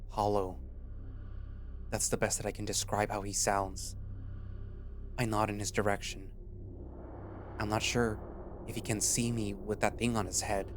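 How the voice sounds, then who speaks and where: A man with a low voice reads a story aloud, narrating in the first person. Between chapters he gives loose, rambling recaps full of fillers. Faint music runs underneath. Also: level tone, a little slow, pauses often. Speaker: story reader. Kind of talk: reading a fan story aloud.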